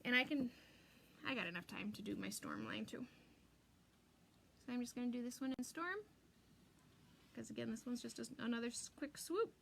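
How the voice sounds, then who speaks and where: A woman's voice: on the high side, normal speed, gravelly, pauses often, fairly bright tone, slight background noise. A middle-aged woman hosting a live crafting stream, chatting and rambling while she works and reads viewer comments aloud. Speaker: craft livestream host. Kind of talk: live crafting demo chat.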